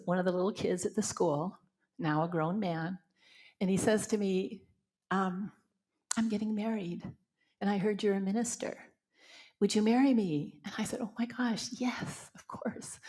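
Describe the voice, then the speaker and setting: An older Canadian woman minister gives a spiritual talk in a low, somewhat dark voice. She shares personal stories, acting out the voices of the people she quotes, and then guides listeners through a meditation.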